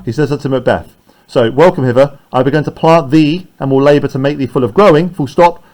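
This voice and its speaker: A male teacher walking a class through a play. He explains each line in an engaged, conversational way, checking in with "right?" again and again. His voice sits at a middle pitch. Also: fairly quick, darkish tone.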